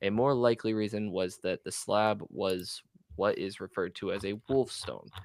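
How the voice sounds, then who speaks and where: A man's voice: fairly low pitch, moderate pace, a little mellow, dry recording. A man co-hosting a podcast, reading ghost stories aloud and stumbling over some words. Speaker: podcast co-host.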